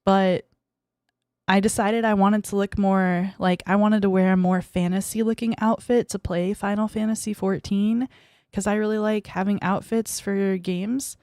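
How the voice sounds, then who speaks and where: A woman's voice: mid-range voice, fairly even intonation, normal speed, darkish tone, no room sound, studio quality. Giggly bratty young woman streamer. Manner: giggly, bratty, squeals when teased. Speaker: VTuber streamer. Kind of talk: casual livestream chat reading viewer messages.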